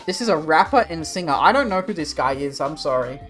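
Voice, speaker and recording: A man's voice: fairly high pitch, lively intonation, brisk, a bit bright, soft background music. A young Australian man chatting casually with his stream viewers, rambling and swearing in a laid-back way. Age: young adult. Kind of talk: casual livestream chat.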